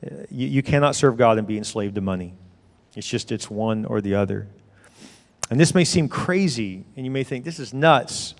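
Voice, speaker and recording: A man's voice: lowish voice, animated, normal speed, vocal fry. A middle-aged male pastor preaching a sermon in an emphatic, conversational storytelling manner. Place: church sanctuary. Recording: long reverb of a large hall.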